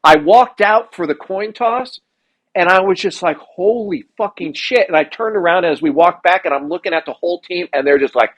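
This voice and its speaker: A man's voice: high-pitched, a little fast, a bit bright, poor audio. A young man chatting casually on a podcast, telling profane stories and acting out other people's lines. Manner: profane storyteller, acts out voices of others. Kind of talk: casual chat.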